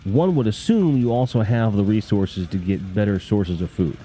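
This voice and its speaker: A man's voice: fairly low pitch, moderate pace, dark tone, faint music behind. A man hosting a casual live stream, rambling and joking with crude humor while talking to his chat.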